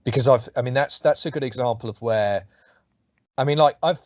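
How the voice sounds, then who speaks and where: In a relaxed interview, this middle-aged writer discusses his work, wandering off track, cursing, and beginning sentences over. He speaks a little fast at medium pitch, recorded dry.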